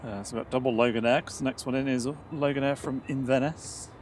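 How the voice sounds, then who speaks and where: A man with a mid-range, fairly even voice talks fast while co-hosting a casual plane spotting livestream outdoors at an airport, walking through mud. Picked up from a distance with slight background noise, he's chatty and self-deprecating and reads out flight details.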